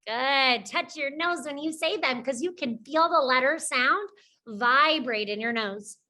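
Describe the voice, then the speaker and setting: A woman teaching young children a phonics lesson, slowly sounding out letters and praising often. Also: high-pitched, pushed and bright.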